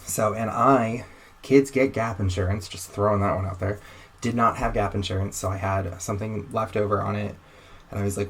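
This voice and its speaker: As a podcast guest, a young adult man spins a lengthy, animated yarn, voicing the other characters' dialogue. He speaks briskly in a fairly low, slightly rough voice.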